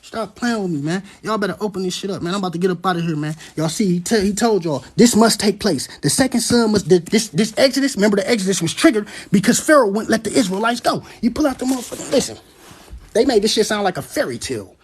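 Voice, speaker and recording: A man with a husky, slightly breathy voice talks in a preachy, profane style. His pitch swings widely as he shifts between casual asides and loud, drawn-out readings of scripture. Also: animated.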